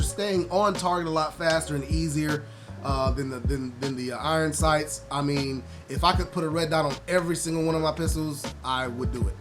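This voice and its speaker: A man hosting a casual vlog, loud and teasing at times, relaxed when he explains. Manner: loud trash-talking teasing, rising high when excited. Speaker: vlogger host. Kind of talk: casual chat to the camera.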